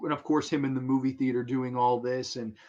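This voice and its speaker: A man hosting a live show, rambling and swearing freely as he gets worked up. His voice sits at a mid pitch, and the sound is dull and lo-fi. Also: brisk. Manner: profane, rambling, excitable. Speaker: host. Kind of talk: casual live show monologue.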